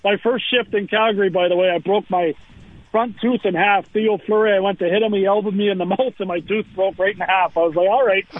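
A man's voice: sits high, a little fast, no room sound. Radio guest, man, former hockey pro, chatty storyteller, heard on a thin phone call. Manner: lively anecdotal storyteller with frequent "uh" fillers. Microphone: telephone. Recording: tinny phone line.

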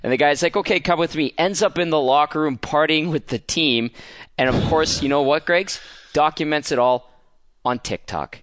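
A man recounts a sports story on a talk show with easy, chatty pacing and a few stumbles. His voice sits a little high for a man, and it is recorded close and dry with no room sound. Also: normal speed, a bit bright, no room sound. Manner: conversational storyteller, hesitant fillers. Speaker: sports radio co-host. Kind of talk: casual storytelling on sports radio.

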